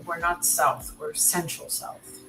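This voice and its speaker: A woman's voice: on the low side, level tone, slow pace, over loud music, poor audio. A Canadian woman hosting a livestream, chatting casually with a guest and reading viewer comments aloud. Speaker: livestream host. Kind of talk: casual chat.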